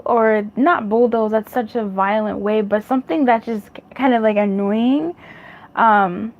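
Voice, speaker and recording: A woman's voice: fairly high pitch, a little mellow. A woman giving a casual pick-a-card tarot reading, chatty and rambling, laughing at her own jokes and swearing freely. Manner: rambling, self-correcting.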